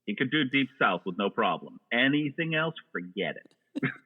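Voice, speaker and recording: A man's voice: medium pitch, sing-song, normal speed, husky. A man chatting casually about movies, rambling and joking with lots of restarts. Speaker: podcast guest. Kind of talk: casual chat. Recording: tinny phone-like line.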